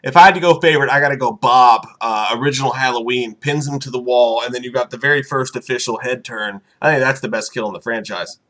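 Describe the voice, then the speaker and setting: A man's voice: medium pitch, fast talker, hardly any pauses, a bit bright. A man co-hosting a casual podcast, laughing often and reading viewer comments aloud. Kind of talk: casual chat.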